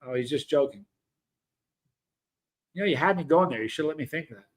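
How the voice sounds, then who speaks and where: A man with a fairly high voice hosts a casual livestream. He talks loosely to his viewers, reads their comments aloud and often breaks off to restart his sentences. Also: lively intonation, a little fast. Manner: chatty, rambling, self-interrupting. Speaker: livestream host.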